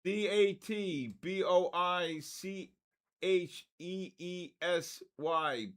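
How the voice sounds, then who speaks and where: Exasperated older man, bright forceful voice. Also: high voice, extremely slow. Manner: exasperated, joking, spelling out usernames letter by letter. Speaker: trading livestream host. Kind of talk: casual livestream chat, calling out viewer names.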